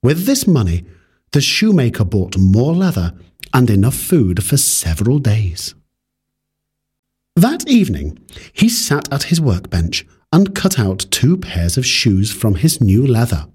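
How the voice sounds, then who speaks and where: Brief: male reader for a fairy tale, unhurried, husky, lively pitch. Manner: measured, even storybook reading. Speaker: storyteller. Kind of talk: scripted fairy-tale narration.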